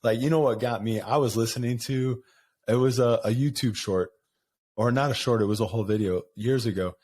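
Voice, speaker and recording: A middle-aged man hosts a casual podcast chat, speaking candidly and loosely. He rambles between thoughts and laughs easily. His voice sits at an ordinary male pitch. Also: brisk, darkish tone. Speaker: podcast host. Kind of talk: casual conversation.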